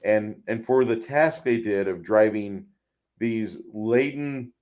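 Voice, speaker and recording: Casually discussing a film as a podcast co-host, a man speaks slowly in a fairly low, darkish voice. His talk rambles, circles back on repeated words and breaks into acted-out quotes.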